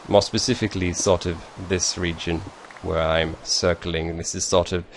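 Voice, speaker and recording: A man's voice: deep voice, level tone, normal speed, slight background noise. A man from northeast England with a northern English accent, chatting casually to his viewers and often correcting himself mid-sentence. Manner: rambling, self-correcting, chuckling asides. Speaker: vlogger. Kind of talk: casual chat over a screen share.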